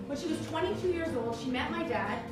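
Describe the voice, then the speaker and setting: A middle-aged woman doing a solo stand-up show, animated, breaking into song and mock voices. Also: high-pitched, brisk. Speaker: stand-up comedian. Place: theater stage. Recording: distant, echoey stage recording with music.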